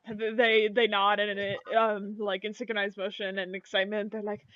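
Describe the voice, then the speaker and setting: A woman's voice: medium pitch, flat delivery, normal speed, few pauses, a bit bright, dry recording. A woman narrating as game master of a tabletop game, in a casual way full of "like" and "kinda". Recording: dull lo-fi dry recording.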